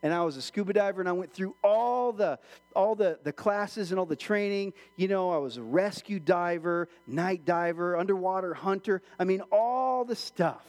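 A middle-aged male pastor delivers a casual, animated sermon, slipping into little voices for the people in his stories. His voice sits high, and a long church reverb trails every phrase. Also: normal speed. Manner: animated, acts out quoted voices.

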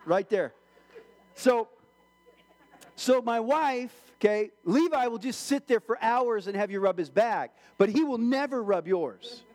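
A man preaching a sermon in church, joking with the congregation and acting out voices in his stories. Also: high-pitched. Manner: animated, acts out quoted voices, jokes with the congregation. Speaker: pastor.

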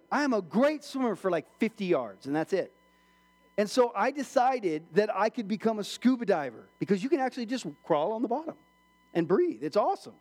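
A middle-aged male pastor gives a casual, animated sermon, slipping into little voices for the people in his stories. His voice sits high, and a long church reverb trails every phrase.

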